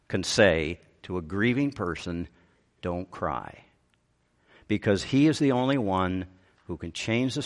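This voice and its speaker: A man preaching a sermon, swinging from raised, emphatic phrases to hushed, gentle ones. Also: medium pitch. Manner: animated preaching, voice rising and dropping to a hush. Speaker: pastor.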